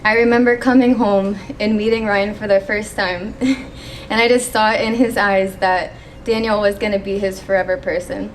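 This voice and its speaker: A young woman giving a maid of honor toast at a wedding reception, reading from her phone and pausing when she gets emotional. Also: medium pitch, a little hiss or hum. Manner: emotional, pausing to steady herself.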